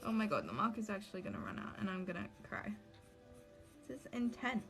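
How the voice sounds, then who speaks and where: A young woman talks her chat through a tricky craft job, fretting and rambling as she works. Her voice has a gravelly fry to it, and soft music plays faintly behind her. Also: mid-range voice, very animated, brisk. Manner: anxious, rambling, talks to chat while drawing. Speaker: livestreaming cosplay maker. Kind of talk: casual livestream chat while crafting.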